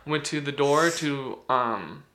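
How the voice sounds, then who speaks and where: Bright-voiced young guy telling a story. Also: on the high side, animated. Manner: rambling, laughing, drawn-out filler words. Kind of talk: casual storytelling chat.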